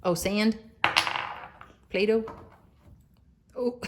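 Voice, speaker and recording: Young mom at home with the kids, sing-songy and encouraging, faint noise in the background. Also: female voice, a little high, slow, long pauses. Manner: sing-song, encouraging, often drops to a whisper. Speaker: mother. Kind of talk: casual home video with children. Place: home, at a table.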